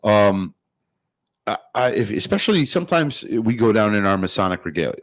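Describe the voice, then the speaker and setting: A man's voice: fairly low pitch, big pitch swings, moderate pace, no echo. A man hosting a podcast, steering the talk and cutting in during casual chat. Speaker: podcast host.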